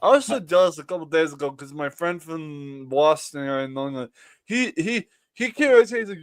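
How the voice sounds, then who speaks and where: A young man in casual group chat, animated and quick to laugh, swearing now and then. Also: fairly high pitch, dry recording.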